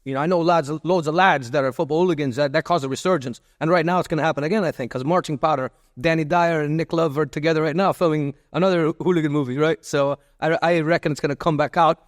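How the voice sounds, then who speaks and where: Rambling man, fairly high voice. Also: fairly even intonation, fast talker, hardly any pauses, no room sound, studio quality. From Miami, USA. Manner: loose, repetitive, with many restarts and fillers. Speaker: podcast guest. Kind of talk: rambling interview storytelling.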